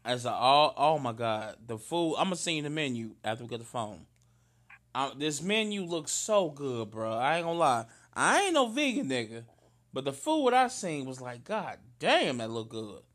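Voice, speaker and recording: Animated, bright-voiced St. man. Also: mid-range voice, normal speed. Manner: loud, animated storyteller, slangy and emphatic. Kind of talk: casual chat between cousins.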